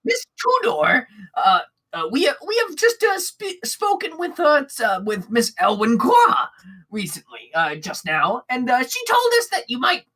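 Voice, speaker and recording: A woman's voice: high-pitched, huge pitch swings, normal speed, a bit bright, heavily acted, rough recording. A woman voicing a fawning little male kobold bard who stammers and wheedles. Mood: wheedling.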